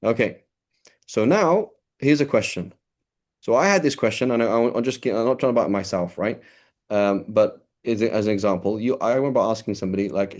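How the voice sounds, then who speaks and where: Low-voiced man lecturing, checking "right?". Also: fairly quick, darkish tone. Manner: explains in a loose, conversational way with many "right?" checks and repeated restarts; switches between English and quoted Arabic terms. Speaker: teacher. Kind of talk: classroom lecture.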